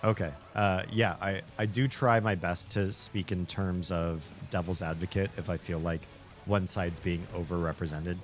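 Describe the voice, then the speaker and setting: Male streamer, very low voice, rambling, laughs a lot, faint music. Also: steady tone, moderate pace. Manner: laughs often, rambling and thoughtful. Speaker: streamer and host. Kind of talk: casual chat while gaming.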